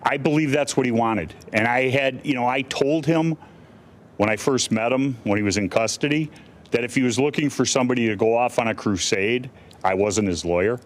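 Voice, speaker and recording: A man's voice: medium pitch, moderate pace, a little hiss or hum. A middle-aged male defense attorney answering reporters' questions bluntly, with many restarts and fillers. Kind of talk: press conference answers.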